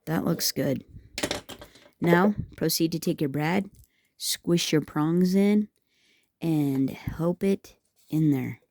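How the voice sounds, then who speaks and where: A woman's voice: sits low, takes it slowly, pauses often, darkish tone, slight background noise. A woman hosting a craft tutorial, chatting and rambling to her viewers as she works, teasing herself along the way. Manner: rambling, talks to viewers as "guys", self-teasing. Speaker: craft video host.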